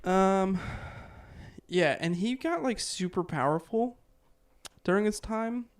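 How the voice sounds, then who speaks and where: A man's voice: high voice, slow. A man casually telling a history story on a podcast from his notes, with lots of fillers. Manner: relaxed, filler-heavy, chuckles often. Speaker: podcast host.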